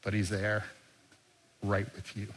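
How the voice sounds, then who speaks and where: An older man preaching a sermon as pastor, in an earnest, conversational way that drops soft and quiet. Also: lowish voice, monotone, slow.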